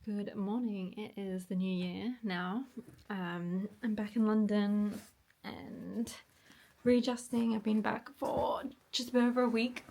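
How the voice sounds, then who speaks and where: A woman vlogging in a casual chatty way, with frequent ums and soft half-whispered asides, in a morning voice. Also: mid-range voice, fairly even intonation, slow pace, gravelly. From Australia. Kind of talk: casual vlog chat.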